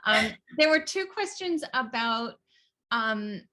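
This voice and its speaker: A woman's voice: fairly high pitch, expressive, slow pace, pushed and bright. Hesitant woman moderating questions. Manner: hesitant, many "um"s, laughs lightly. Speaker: session moderator. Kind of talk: reading audience questions.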